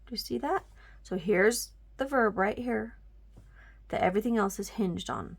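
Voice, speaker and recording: A woman teaches a grammar lesson with a slightly gravelly voice at a middle pitch. She explains patiently, step by step, checking often that listeners follow. Now and then she drops a word almost to a whisper. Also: moderate pace.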